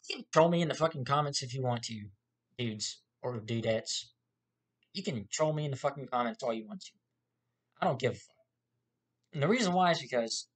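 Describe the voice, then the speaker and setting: A young-sounding man with a drawl delivers an angry, profanity-heavy rant straight to camera. He circles back to the same complaints over and over. His voice sits at an ordinary middle pitch. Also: a bit bright. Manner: profane, heated, repetitive. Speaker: YouTuber.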